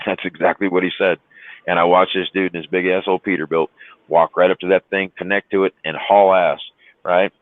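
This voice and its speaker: Deep and flat, the trucker's voice moves fairly quickly with no echo on a dry, tinny phone-like line. On a livestream chat he tells rambling, profane trucking stories, full of "you know" and "right?".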